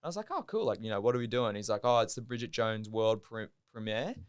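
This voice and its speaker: A man's voice: on the low side, fairly even intonation, quick pace, clean tone. A young Australian man, a podcast guest, telling a casual story in a rambling way, full of "like" and swearing. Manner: rambling, heavy use of "like", swears freely.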